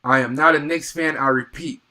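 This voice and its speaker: A young man doing live play-by-play and reaction on a stream, reading viewer comments and bursting into excited exclamations. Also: fairly high pitch, normal speed.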